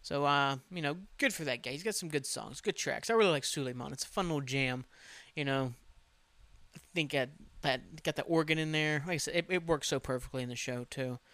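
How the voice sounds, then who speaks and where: A man's voice: on the high side, brisk, fairly bright tone, dry recording. A man hosting a solo podcast, rambling casually, swearing freely and poking fun at himself. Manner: rambling, profane, self-mocking. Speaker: podcast host.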